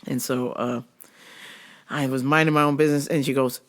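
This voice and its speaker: A woman vlogger telling a story in a casual way, laughing often and going low and sheepish when she quotes herself. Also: normal speed.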